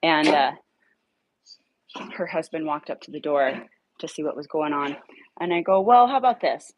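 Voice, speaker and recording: A woman casually telling a dog rescue story, animated, swearing now and then and acting out her own lines. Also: normal speed, dry recording, dull audio. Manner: animated, acts out her own dialogue in a higher voice; swears casually when irritated.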